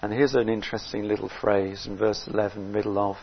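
A man preaching a sermon in an earnest way, rising loud on key words and dropping low between them. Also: flat delivery, brisk, highs cut off, a little hiss or hum.

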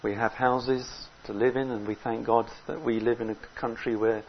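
A man preaching a sermon in an earnest way, rising loud on key words and dropping low between them. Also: level tone, moderate pace, muffled recording, slight background noise.

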